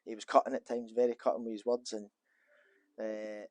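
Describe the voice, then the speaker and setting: A man's voice: on the low side, level tone, moderate pace, darkish tone, dry recording. Man chatting in an office interview. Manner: rambling, with frequent restarts and fillers. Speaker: former footballer, interview guest. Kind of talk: casual interview chat.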